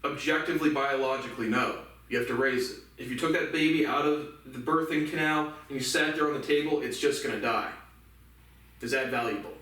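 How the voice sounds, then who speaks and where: A man's voice: mid-range voice, fairly quick, pushed and bright. A man ranting alone into the camera in a profane, angry, scornful monologue. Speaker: solo vlogger. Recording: very echoey room, mic far off.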